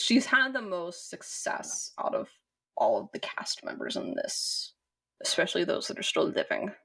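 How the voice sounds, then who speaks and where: Chatting casually about a film, a Southern American woman co-hosting a podcast rambles with many fillers and restarts. Her voice is medium in pitch, fairly bright and husky.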